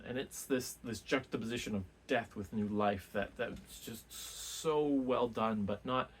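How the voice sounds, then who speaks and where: A man's voice: mid-range voice, a little hiss or hum. A man casually talking through a book he read, rambling with many restarts and fillers. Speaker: book reviewer.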